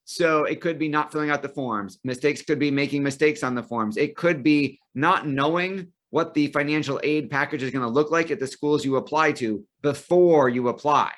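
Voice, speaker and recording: A man working as a financial aid planner, answering interview questions in a brisk, explanatory way. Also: on the high side, a bit bright. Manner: explanatory, brisk, tells client stories.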